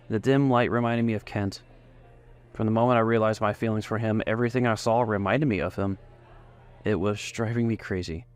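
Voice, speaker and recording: A man narrating a first-person romance story in an emotive reading style. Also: on the low side.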